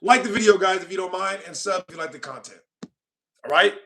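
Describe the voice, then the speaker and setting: High, bright-voiced mocking male streamer. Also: a little fast, gravelly. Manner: mocking, ranting at chat. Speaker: livestream host. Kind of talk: casual livestream chat.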